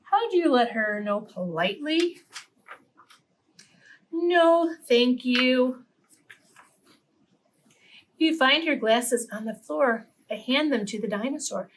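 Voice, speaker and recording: Brief: a woman reading aloud at story time for little kids, with a fairly high voice, lively, quizzing her listeners. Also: moderate pace, few pauses, slight background noise. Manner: animated, questioning the listeners. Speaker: children's story reader. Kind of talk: reading a picture book aloud to preschoolers.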